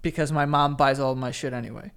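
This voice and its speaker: A man's voice: medium pitch, steady tone, quick pace, gravelly, a bit bright, clear, resonant tone. A young man co-hosting a podcast in casual, profane chat that rambles and keeps restarting its sentences. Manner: rambling, profane, self-interrupting. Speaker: podcast co-host.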